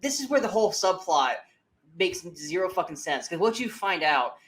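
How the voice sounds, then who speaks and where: Casting note: man with a slightly high voice, co-host in a loose movie-review chat, rambles and restarts. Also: very animated, moderate pace, a bit bright, slight background noise. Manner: rambling, many restarts and fillers. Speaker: podcast co-host.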